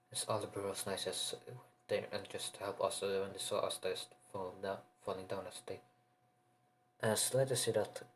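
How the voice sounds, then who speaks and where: A man narrating an improvised fan story in a rambling, halting way, often restarting his sentences. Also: on the low side, a little hiss or hum, rough recording.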